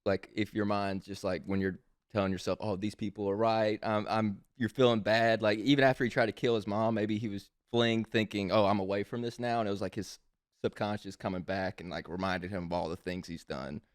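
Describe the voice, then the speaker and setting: A man's voice: fairly low pitch, steady tone, fairly quick, dry recording, studio quality. A man chatting casually on a comedy podcast, reflective and hedging his thoughts. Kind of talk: casual chat.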